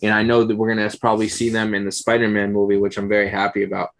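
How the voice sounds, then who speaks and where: A man's voice: fairly low pitch, completely flat delivery, rapid-fire. A man co-hosting a casual chat, speaking steadily and measuredly with lots of fillers. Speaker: podcast co-host.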